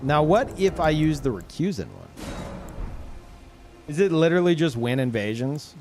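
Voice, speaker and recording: A man streaming a video game, chatting casually, rambling and searching for words with swearing and quick laughs. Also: fairly high pitch, wildly swooping pitch, a little mellow, faint music behind. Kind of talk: casual chat while gaming.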